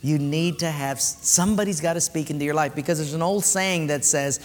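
A man preaching a sermon as pastor, earnest and exhorting, dropping low and soft for emphasis. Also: fairly quick, few pauses. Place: church. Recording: reverberant church hall with faint music.

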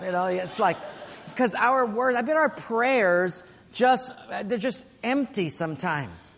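A man preaching a sermon as pastor, telling stories in an animated, humorous way. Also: high-pitched, normal speed, in a large hall.

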